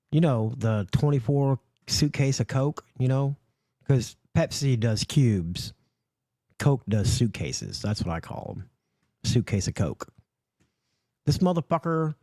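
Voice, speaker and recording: A man's voice: medium pitch, dark tone, dry recording, clean studio sound. A man hosting a livestream, ranting in a profane, mocking and heated way. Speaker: livestream host.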